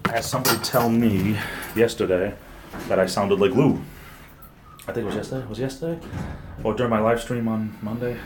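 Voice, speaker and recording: Rambling low-voiced man on a noisy livestream. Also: fairly even intonation, brisk, pauses often. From US East Coast. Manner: chatty, rambling, reads and answers chat. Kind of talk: casual livestream chat while working. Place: large building at work, walking around.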